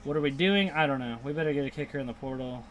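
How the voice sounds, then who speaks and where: A man's voice: mid-range voice, racing, fairly bright tone, a little hiss or hum. A young man reacting live to a football game, grumbling and cursing at his team and then erupting into cheers on big plays. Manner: frustrated, swears, talks back to chat.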